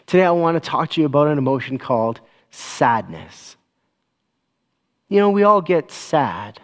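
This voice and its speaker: Gentle-voiced pastor speaking slowly. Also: male voice, on the high side, lively intonation. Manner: gentle, slow and soothing with children. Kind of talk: church service announcements and children's talk. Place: church.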